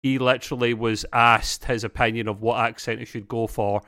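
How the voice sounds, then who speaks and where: A man's voice: medium pitch, flat delivery, normal speed, pushed and bright, dry recording, clean studio sound. A man co-hosting a casual podcast, chatty and teasing, chiming in and laughing along. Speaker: podcast co-host.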